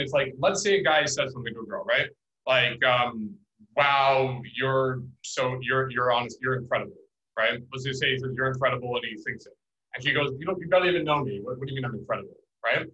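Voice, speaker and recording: A man's voice: mid-range voice, sharp tone. A man hosting a casual chat, rephrasing ideas and acting out little scenes. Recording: dull lo-fi sound.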